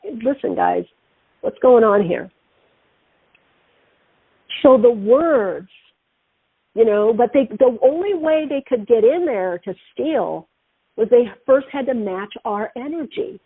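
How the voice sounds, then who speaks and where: A middle-aged woman talks through a narrow, phone-like line with a dry, close sound. Her voice is a touch high and breathy. She hosts a spiritual talk show and tells stories animatedly. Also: a little slow, no echo. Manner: animated, acts out quoted voices. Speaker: radio show host.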